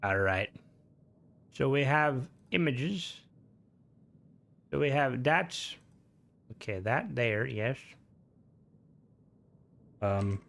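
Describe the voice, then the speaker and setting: A man's voice: mid-range voice, animated, extremely slow, gravelly, long pauses, a bit bright. A young Irish man chatting casually on a game stream, rambling, swearing freely and answering chat.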